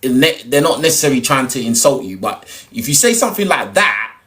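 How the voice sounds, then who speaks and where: A man's voice: medium pitch, sing-song, a little fast, sharp tone. A young adult man from Nigeria hosting a heated panel debate, arguing hard and cutting in with repeated "hold on"s. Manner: argumentative, interrupts, repeats "hold on". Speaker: podcast host.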